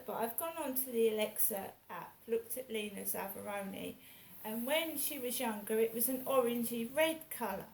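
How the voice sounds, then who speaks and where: A woman's voice: on the high side, creaky, a little hiss or hum. A woman in her fifties chatting casually, rambling and correcting herself as she talks. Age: 50s. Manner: rambling, with restarts and self-corrections. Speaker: vlogger. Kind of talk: casual chat to camera. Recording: echoey room with faint background ambience.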